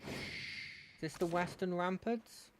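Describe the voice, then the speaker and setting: A man's voice: sits high, slow pace, noisy background. Man chatting wryly over gameplay. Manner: chatty, rambling, wry asides. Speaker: let's play host. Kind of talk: casual gameplay commentary. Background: game music.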